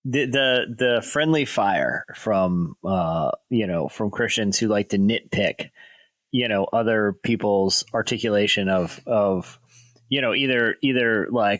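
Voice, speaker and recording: A man co-hosting a podcast, speaking with dry wit and halting restarts. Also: fairly low pitch, a bit bright, no room sound. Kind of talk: casual chat.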